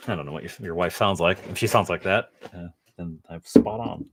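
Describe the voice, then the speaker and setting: A man's voice: low-pitched, brisk, a little hiss or hum. A man hosting a casual painting session at home, rambling and self-mocking with jokey asides. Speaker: miniature painter and channel host. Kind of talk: casual chat while painting.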